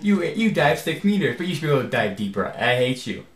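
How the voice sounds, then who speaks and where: Speaking quickly in a slightly high, sing-song voice, this let's play host rambles through casual commentary on his game. He's easily exasperated and often says "freaking," and the echoey room carries faint game music.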